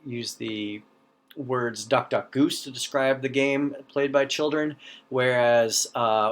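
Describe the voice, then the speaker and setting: A man's voice: mid-range voice, slow. A middle-aged man from the North Central United States with an Upper Midwest accent and long O's, lecturing in a conversational way, often checking in with "right?" and restarting his sentences. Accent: Upper Midwest American. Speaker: teacher. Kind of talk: recorded lecture.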